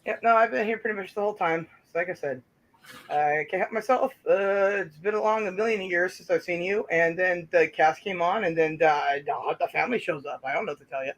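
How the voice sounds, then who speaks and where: A man chats casually as a call-in guest, cracking jokes and tripping over his restarts. His voice sits high and sounds bright and sharp. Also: fairly quick, poor audio. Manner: jokey, giggly, stammering restarts. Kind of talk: casual chat.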